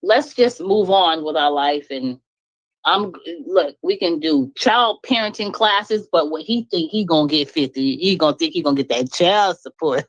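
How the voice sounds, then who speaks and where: A woman's voice: on the low side, animated, moderate pace, dry recording, lo-fi sound. A woman venting bluntly and emphatically about a past marriage, laughing between points in a candid live chat. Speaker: guest speaker.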